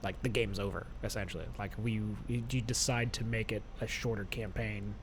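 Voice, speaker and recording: Low-voiced man chatting, faint hiss. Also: steady tone, normal speed. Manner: eager, rambling with fillers. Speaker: podcast co-host. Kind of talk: casual podcast chat.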